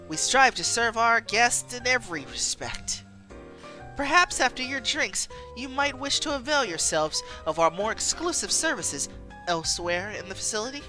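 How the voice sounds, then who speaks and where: A woman's voice: on the high side, very animated, moderate pace, bright, forceful tone, faint music behind. A woman voicing a deferential, discreet male waiter with polite, formal phrasing, read aloud from a story game.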